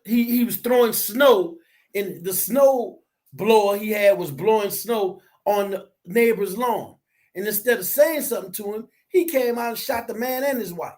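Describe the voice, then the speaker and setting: A man co-hosting a casual discussion, talking in a preachy, animated way that rises to near shouts. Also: high voice.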